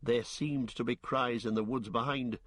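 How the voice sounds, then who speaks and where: A man narrating an audiobook in a measured, deliberate way. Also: medium pitch, fairly even intonation, fairly bright tone, no echo. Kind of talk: audiobook reading.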